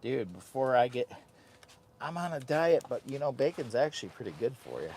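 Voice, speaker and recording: Inside a heated tent, a man hosts a casual camping vlog, rambling into his phone camera in a goofy, hyped-up way. His medium-pitched voice is sing-song and a bit mellow, and he talks slightly fast over some light background noise.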